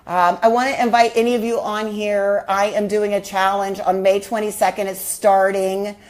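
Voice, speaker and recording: An earnest woman speaks straight to her viewers, reflecting on a hard personal experience. She often stops to ask them questions. Her voice sits at an ordinary middle pitch. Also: level tone, moderate pace, a little mellow. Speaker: trauma healing coach. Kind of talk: personal storytelling vlog.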